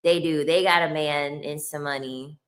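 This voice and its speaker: A woman's voice: deep voice, steady tone, moderate pace, fairly bright tone. A woman streaming casual chat who answers her viewers, laughing often and tossing in slangy asides. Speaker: livestreamer reading chat.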